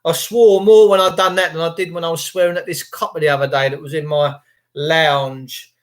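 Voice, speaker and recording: A man's voice: on the high side, steady tone, fairly quick. An English man hosting a livestream, reading out chat comments in a crude, jokey, rambling way. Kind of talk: rambling casual monologue.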